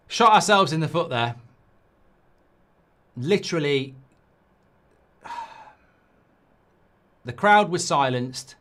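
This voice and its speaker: A man's voice: on the high side, wildly swooping pitch, very slow, pauses often, fairly bright tone. A man hosts a live football watchalong, reading viewer comments aloud and breaking into exasperated, sweary outbursts at the game. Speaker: watchalong host.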